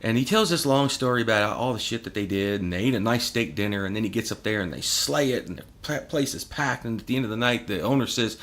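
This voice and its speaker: A man's voice: on the low side, quick pace, few pauses, a bit bright. A man telling stories as a podcast guest, sarcastic and profane, often breaking into laughter. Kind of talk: casual podcast storytelling.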